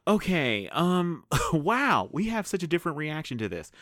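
A man co-hosting a casual movie trailer review, animated and questioning, with lots of fillers. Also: fairly high pitch, moderate pace, no room sound, clean studio sound. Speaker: podcast co-host.

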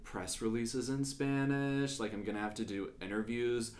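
A man's voice: mid-range voice, little pitch movement, normal speed, a little hiss or hum. A young man hosting a podcast, talking casually and full of "like" fillers. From Kentucky, United States. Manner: chatty, many "like" fillers. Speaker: podcast host.

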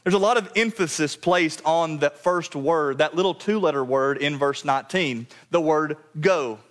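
A man preaching a sermon to his church, earnest and direct, often dropping to a quiet low voice to drive a point home. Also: moderate pace. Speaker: pastor. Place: church sanctuary.

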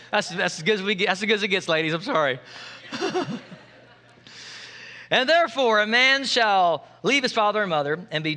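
A man's voice: high-pitched, pushed and bright. A man preaching a sermon, playful and joking, calling out to the congregation for responses. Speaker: pastor.

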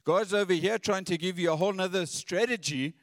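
A man's voice: sits high, fairly quick, no room sound, clean studio sound, in a large hall. A man preaching a sermon in an earnest, conversational way, often repeating his words.

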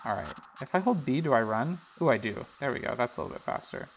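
A man's voice: medium pitch, animated, quick pace, slightly rough. A man hosting a let's-play podcast who chats casually while narrating the game on screen. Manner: chatty, narrates the game dialogue aloud. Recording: noisy background.

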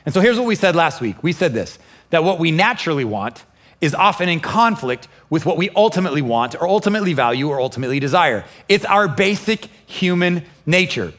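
A pastor preaching a lively sermon, acting out inner voices and quoting scripture with feeling. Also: male voice, on the high side, fairly quick. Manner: animated, acts out inner voices and quotes. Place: church, also streamed online.

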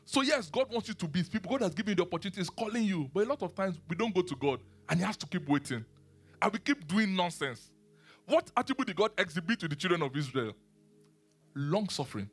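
A man preaching a sermon and teaching the Bible, animated, asking his listeners questions and laughing often. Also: high voice, fast talker, breathy edge, soft background music.

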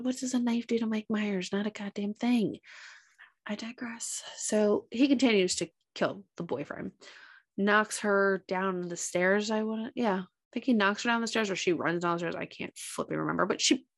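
A woman's voice: medium pitch, moderate pace. A woman co-hosting a podcast, retelling a movie's plot in casual chat and acting out the characters' lines. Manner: animated retelling, acts out quotes. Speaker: podcast co-host.

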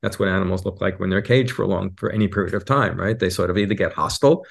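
A man speaking as a guest teacher in a reflective podcast conversation, an animated storyteller who acts out quotes in a raised voice. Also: deep voice, racing, gravelly.

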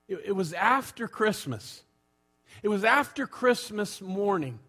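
A man preaching a sermon as pastor, conversational and unhurried, pausing often with fillers. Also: a little high.

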